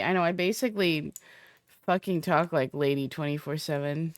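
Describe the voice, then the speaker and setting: A woman's voice: sits low, normal speed, no room sound. A woman streamer chatting casually and profanely with her viewers, rambling half to herself. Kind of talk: casual chat to stream viewers while setting up a roleplay character.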